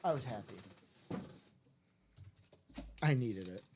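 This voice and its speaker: A man's voice: medium pitch, animated, slow, noisy background. A man hosting a live card break stream, chatting casually and reeling off player names in a jokey, upbeat way.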